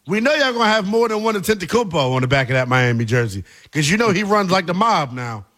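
A man's voice: high-pitched, sing-song, fast talker, fairly bright tone. A man hosting a sports talk radio show in a laid-back, playful and slangy way. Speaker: radio host.

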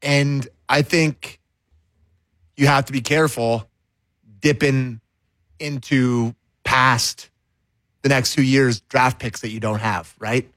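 A man co-hosting a sports talk show, weighing things aloud in a casual, drawn-out way. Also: mid-range voice, steady tone, fairly bright tone, no echo. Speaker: sports radio co-host.

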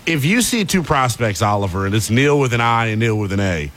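A man co-hosting a casual podcast, teasing his friends in an animated way. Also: mid-range voice, brisk. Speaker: podcast co-host. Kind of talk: casual chat.

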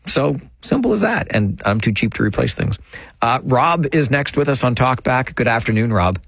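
A man's voice: medium pitch, very animated, moderate pace, vocal fry, a bit bright, slightly rough, no room sound. A middle-aged man hosting a call-in radio show, chatty and joking at his own expense. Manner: chatty, self-deprecating, joking. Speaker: radio talk show host. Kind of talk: casual call-in radio chat. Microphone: studio microphone.

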